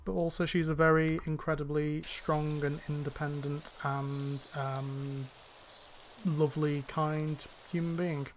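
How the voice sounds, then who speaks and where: Measured in pace and a little high, with little pitch movement, this young gaming channel host's recording has a slight hiss or hum. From northwest England, he has a faint, fairly neutral northern English accent and rambles chattily during gameplay, often restarting and using fillers.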